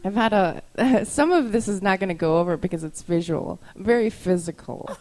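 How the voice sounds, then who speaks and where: A woman's voice: mid-range voice, animated, a little fast, darkish tone. A young woman doing stand-up comedy bits, a bit tipsy and laughing through her lines. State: tipsy from whiskey.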